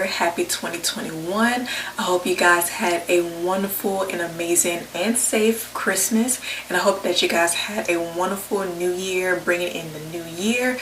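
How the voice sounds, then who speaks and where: A woman's voice: lowish voice, fairly bright tone. A woman talking casually and openly to her viewers in a personal vlog, with plenty of feeling in her voice. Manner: chatty and openly emotional, speaks directly to viewers. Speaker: vlogger. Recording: roomy, a bit distant from the mic, faint hiss.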